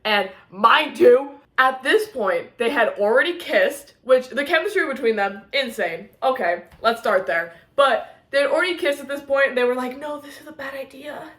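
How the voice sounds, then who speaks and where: A young woman talks through a casual reading vlog, her voice pitched high and bouncing with excitement. She gushes and drifts into giggles and squeals, and the room around her rings with a noticeable echo. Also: normal speed, few pauses. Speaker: book vlogger.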